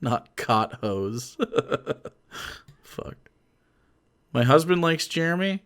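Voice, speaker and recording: A man streaming, reacting to a clip with profane ranting commentary, laughing often and swinging from mumbles to shouts. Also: on the high side, animated, extremely slow, clean tone.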